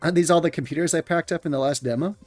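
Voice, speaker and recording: A man's voice: on the high side, very fast, no room sound, soft background music. A man streaming a game, chatting casually and joking while reading the text aloud. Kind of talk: casual game playthrough commentary.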